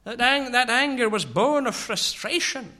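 A man preaching a sermon, asking slow, searching rhetorical questions. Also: very high-pitched, expressive, pushed and bright.

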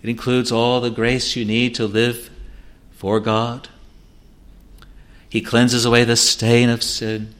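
A man's voice: mid-range voice, little pitch movement, slow pace, long pauses, fairly bright tone. A male preacher delivering an evangelistic sermon with earnest, pleading appeals.

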